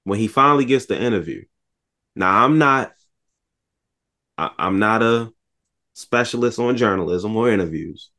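A man chatting casually about a movie, retelling scenes with animated voices and lots of swearing. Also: on the low side, normal speed, pauses often. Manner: animated storytelling, acts out scenes, swears a lot. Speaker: podcast co-host.

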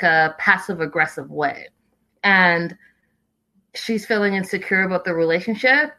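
A woman's voice: on the low side, bright, forceful tone, low-quality recording. A woman hosting a casual recap, chatty and opinionated, with lots of "like"s. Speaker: reality show recap host.

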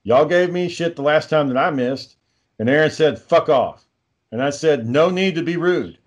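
Profane rambling podcast host. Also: male voice, a little high, moderate pace. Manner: profane, rambling, reads out texts. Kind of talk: casual podcast chat.

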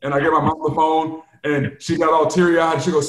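A man in his forties, a sports show host and former football player, telling candid stories in casual sports talk with animated quotes. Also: fairly high pitch, fairly quick, reverberant.

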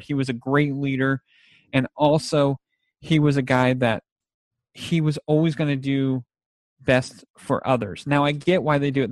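A man in casual chat about movies, rambling and animated as he retells scenes. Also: medium pitch, dry recording.

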